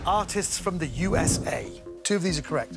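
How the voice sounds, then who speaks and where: A man's voice: high voice, expressive, brisk. A male quiz show host teasing contestants in playful game show banter. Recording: loud studio crowd and music. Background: studio audience and music.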